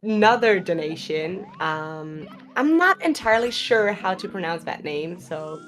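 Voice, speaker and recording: A woman with a slight lisp commentating a live speedrun stream from a booth, chatty and quick to laugh. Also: lowish voice, lively intonation, fairly bright tone. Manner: chatty, laughs often, restarts phrases.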